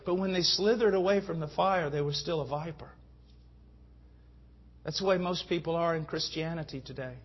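A man's voice: on the high side, normal speed, husky. A man preaching a sermon with fervent delivery that rises to emphatic peaks. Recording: dull lo-fi sound.

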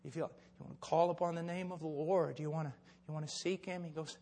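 A man's voice: steady tone, fast, slight background noise. Older man preaching in a reverberant hall. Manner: swings from low, quiet storytelling to loud, shouted preaching. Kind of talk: sermon with storytelling.

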